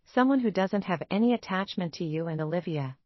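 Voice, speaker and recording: A woman narrator voicing a calm, smooth, confident male lawyer. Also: fairly low pitch, a little fast, dry recording, muffled recording.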